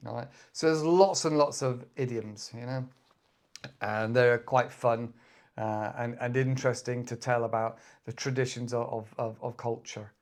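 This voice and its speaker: British male English teacher, casual lesson, chatty, mid-pitched voice, jumps into playful example voices. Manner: chatty, acts out quick example voices with bursts of excitement.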